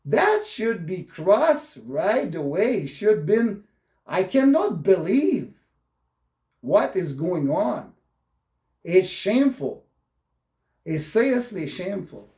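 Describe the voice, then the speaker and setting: A French Canadian man vlogging his political views in a halting, indignant monologue, often stopping and restarting mid-sentence. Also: high-pitched, very animated, warm tone, roomy sound. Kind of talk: opinionated monologue.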